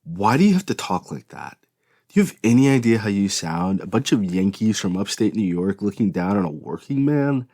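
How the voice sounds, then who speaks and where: A man's voice: lowish voice, sing-song, moderate pace, mellow, pitched above the performer's own voice. A man voicing a defiant young woman. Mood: exasperated. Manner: exasperated, pleading. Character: defiant young woman at odds with her father.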